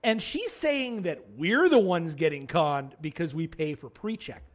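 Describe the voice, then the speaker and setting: Podcast host guy, american, chatty and animated, keeps repeating himself. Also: fairly high pitch, unhurried. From United States. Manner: animated, laughing often, repeats words. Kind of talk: casual chat, storytelling.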